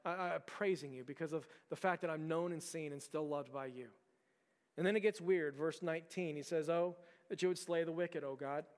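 Earnest preacher with a smooth voice in a reverberant hall. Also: male voice, fairly high pitch, brisk. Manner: earnest storytelling with repeated words and restarts. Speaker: pastor. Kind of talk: sermon.

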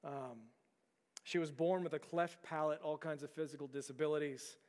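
A man's voice: a little high, fairly even intonation, normal speed, darkish tone, big-room sound. A man preaching a sermon as a pastor, telling a story earnestly with frequent repeated words and restarts.

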